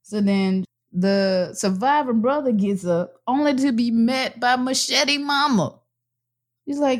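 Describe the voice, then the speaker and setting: Woman, fairly high voice, casual chat, laughing, retells scenes. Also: a little slow. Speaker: podcast co-host reviewing a comic.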